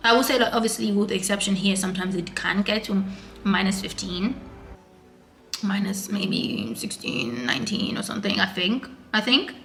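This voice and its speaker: A woman's voice: medium pitch, expressive, normal speed, a bit bright, faint music behind. A young woman, chatting casually in a vlog and rambling with lots of filler words. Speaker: vlogger.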